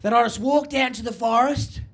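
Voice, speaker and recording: A man's voice: extremely high pitch, a little fast, gravelly, heavy background noise. A man with an Australian accent voicing a rambling hippie stoner uncle in his late fifties, drawling dreamily and saying "man" over and over. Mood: stoned rambling.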